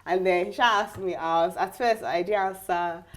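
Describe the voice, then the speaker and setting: A young woman with a Nigerian English accent, telling a story in a casual interview, lively and laughing, acting out quoted voices. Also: lowish voice, unhurried. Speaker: guest.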